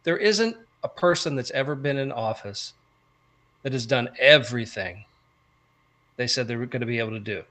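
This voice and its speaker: Bright-voiced man ranting and telling stories. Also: mid-range voice, moderate pace, long pauses. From United States. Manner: animated storyteller, ranting asides. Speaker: podcast co-host. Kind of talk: casual podcast chat.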